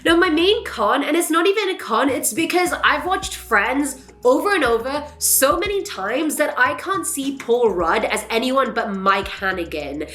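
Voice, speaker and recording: A young adult woman vlogger chatting casually about films, animated and swearing freely. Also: high voice, measured pace, hardly any pauses. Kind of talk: casual reaction chat. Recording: echoey room.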